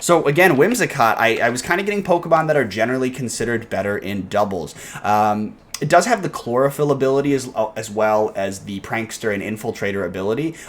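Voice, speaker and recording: A man casually analyzing his game team in a video, enthusiastic and rambling, with frequent fillers and restarts. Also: mid-range voice. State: hiccups. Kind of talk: casual commentary.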